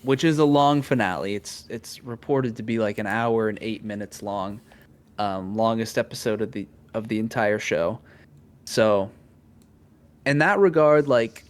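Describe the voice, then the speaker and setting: A man's voice: lowish voice, a little slow. Man musing casually on a podcast. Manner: thoughtful, many fillers and restarts. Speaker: podcast co-host. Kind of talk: casual chat.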